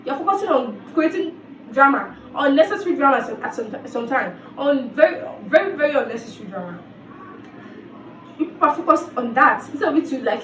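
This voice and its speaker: A woman's voice: sits high, animated, a little fast, a bit bright, a little hiss or hum. A woman giving a casual, exasperated commentary and repeating phrases for emphasis. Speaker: reality TV commentator. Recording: roomy, distant, dull sound.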